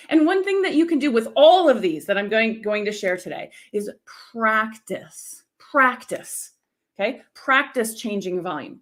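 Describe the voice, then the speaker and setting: Energetic middle-aged woman coach, fairly high voice, pitch jumping all over, keeps asking okay?. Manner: energetic, teacherly, checks in with "okay?". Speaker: speaking coach. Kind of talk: live-stream coaching lesson.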